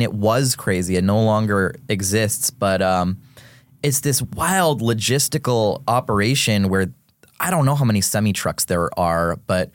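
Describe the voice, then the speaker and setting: A man in his thirties, a guest rapper in a casual podcast interview, explaining things in an animated, nerdy, theatrical way. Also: lowish voice, dry recording.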